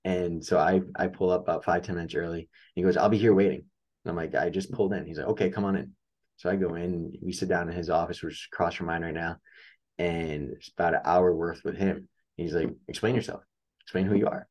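A man's voice: sits low, steady tone, fast, a little mellow. A young man from upstate New York, a track coach telling a story in a casual interview, acting out the dialogue as he goes.

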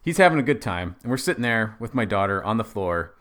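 Animated lower-voiced man telling stories. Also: fast talker. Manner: animated storytelling, dry jokes. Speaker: podcast co-host and father. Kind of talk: casual comedic chat.

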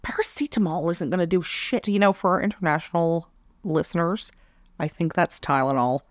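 Woman, young adult, Canadian accent, deadpan, dry wit, lowish voice, dry close sound. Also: moderate pace, no echo. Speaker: podcast co-host. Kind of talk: casual chat.

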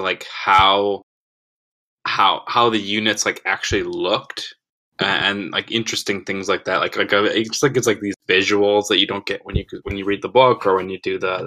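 A man's voice: lowish voice, sharp tone, rough recording. A young adult man co-hosting a podcast, talking casually with lots of fillers and firm opinions. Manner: quick, filler-heavy, opinionated. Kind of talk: casual chat.

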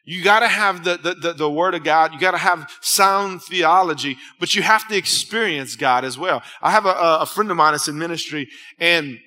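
A man's voice: on the high side, moderate pace, pushed and bright. A man pastor preaching a sermon in a church, talking conversationally and telling stories. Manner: conversational preaching, storytelling with restarts. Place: church hall. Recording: hall reverb.

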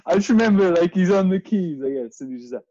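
A man's voice: high-pitched, expressive, fast, mellow, dry recording. A man, co-hosting a podcast in casual chat, laughing often and talking animatedly. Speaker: podcast co-host. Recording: dry, muffled lo-fi audio.

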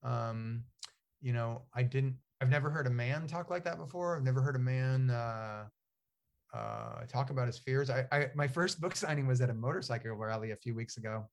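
A man's voice: medium pitch, moderate pace, gravelly. Rambling storytelling man, many fillers. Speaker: author and guest. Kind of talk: casual interview conversation.

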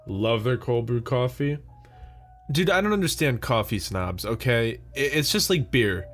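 A young man talks on his own for a podcast, wandering from rant to rant and chuckling at his own jokes. His voice sits at an ordinary pitch for a man, with casual swearing throughout. Faint music plays underneath. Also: expressive, a little slow, fairly bright tone. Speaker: podcast host. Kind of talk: solo rambling podcast monologue.

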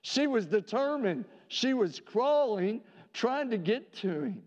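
Male pastor, fairly high voice, earnest sermon delivery, dull reverberant sanctuary sound. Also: big pitch swings, a little mellow. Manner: earnest preaching with rhetorical questions, slowing for emphasis. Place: church sanctuary. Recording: dull reverberant church recording.

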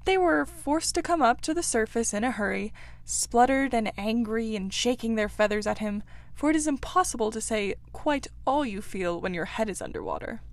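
A woman narrating a classic children's story aloud in a gentle, measured reading voice. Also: fairly high pitch, animated, no room sound. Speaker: audiobook reader.

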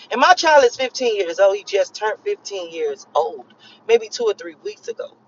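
A woman's voice: mid-range voice, a little hiss or hum. A woman in her thirties from Miami, ranting casually to her viewers in a profane, emphatic way and repeating herself for emphasis. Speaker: vlogger. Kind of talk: casual rant to camera. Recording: slightly lo-fi recording.

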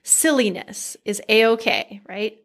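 A woman co-hosting a casual chat, calm and reassuring as she gives advice. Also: medium pitch, takes it slowly.

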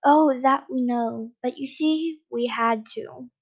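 A woman reading aloud, voicing a smug, sly male villain henchman who taunts his captives in a slow, mocking way. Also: high-pitched, gravelly, muffled recording, full character voice.

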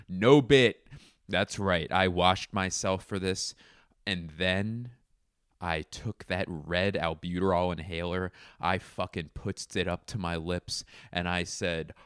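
A man's voice: low voice, slow, a bit bright, clean tone, no room sound, studio quality. A man guest hosting a comedy podcast, riffing goofily in an improvised monologue and laughing at his own jokes. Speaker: guest host.

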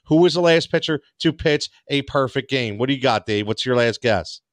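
Stammering sports podcast host, dry sound. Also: male voice, medium pitch, animated, moderate pace, no room sound. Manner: loose, stammering, joking. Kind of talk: casual sports chat.

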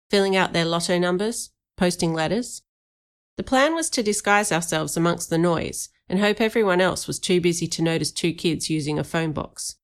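A woman reads an audiobook aloud with lively storytelling. Her voice sits on the lower side for a woman, steady and clear in delivery. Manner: lively storytelling, animated for dialogue. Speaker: audiobook narrator. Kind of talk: audiobook narration.

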